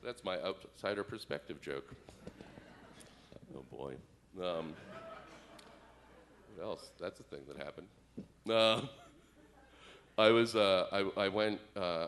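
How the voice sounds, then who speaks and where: A man's voice: low-pitched, a bit bright. A man doing a stand-up comedy set as co-host, telling rambling observational stories on stage. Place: stage before a live audience.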